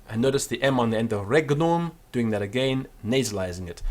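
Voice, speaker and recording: A man giving a Latin pronunciation lesson, chanting each phrase slowly and then explaining the sounds. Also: medium pitch, expressive. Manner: slow, deliberate, sings out each Latin word then explains. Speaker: Latin teacher.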